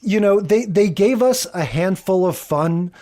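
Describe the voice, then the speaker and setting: A man's voice: high-pitched, animated, measured pace, dark tone. A man co-hosting a podcast, chatting casually with plenty of fillers and recounting scenes. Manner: conversational, many fillers, quotes scenes in voices. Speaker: podcast co-host. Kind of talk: casual chat.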